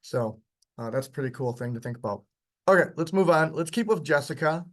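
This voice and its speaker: A man teaching a workshop, walking through software in a casual, chatty way with frequent ums. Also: fairly high pitch, lively intonation, fairly quick. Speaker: workshop instructor. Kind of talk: live software demonstration lecture.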